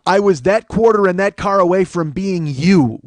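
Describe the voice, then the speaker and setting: A man's voice: sits high, lively intonation, moderate pace, no room sound. A man in his forties hosting a comedy podcast, rambling and self-mocking with frequent swearing into a studio mic. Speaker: podcast host.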